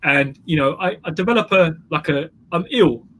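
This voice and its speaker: A man's voice: a little high, moderate pace, fairly bright tone. A man who is a guest entrepreneur, telling his story in an emphatic interview style and repeating phrases for effect. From England.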